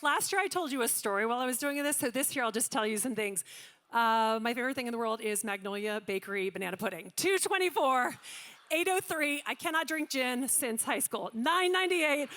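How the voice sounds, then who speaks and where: A woman from Louisiana calling paddle numbers as a charity auctioneer, rattling off bids quickly with joking asides to the room. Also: fairly high pitch, lively intonation, a bit bright. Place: large banquet hall.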